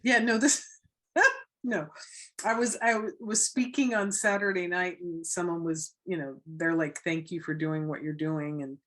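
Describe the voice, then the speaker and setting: A woman from Florida, a guest on an interview show, tells a story with animated energy. Her voice sits on the low side, and she bounces into the voices of the people she quotes as she goes. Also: unhurried. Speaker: guest, anti-trafficking educator. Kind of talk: casual interview talk.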